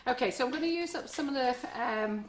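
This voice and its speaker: A woman's voice: high-pitched, animated, fast, slight background noise. Chatty woman teaching cake decorating. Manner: chatty, friendly, talks while working. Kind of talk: live online class demo. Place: home kitchen.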